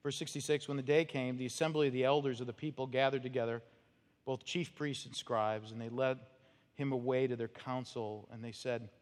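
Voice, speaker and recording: A man's voice: mid-range voice, fairly even intonation, fairly quick. Emphatic male pastor in a reverberant hall. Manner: emphatic, rhetorical "right?" checks, dramatic drops in volume. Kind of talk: expository sermon. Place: church sanctuary.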